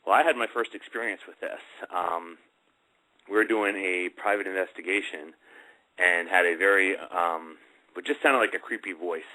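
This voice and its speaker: Bright, rambling male radio host. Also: sits low, normal speed, low-quality recording. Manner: rambling, many fillers. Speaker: host of a paranormal talk show. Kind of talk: casual radio show talk.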